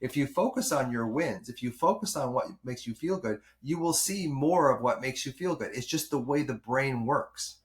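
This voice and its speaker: A man's voice: mid-range voice, lively intonation, normal speed, hardly any pauses. A man hosting a podcast as a doctor, explaining things thoughtfully with small restarts. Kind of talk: podcast conversation.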